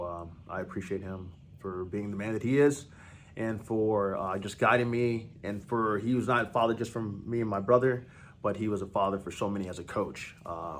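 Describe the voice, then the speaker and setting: A man hosting a podcast, giving a heartfelt spoken tribute in a halting, emotional way with many restarts. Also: deep voice, a little hiss or hum. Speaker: podcast host.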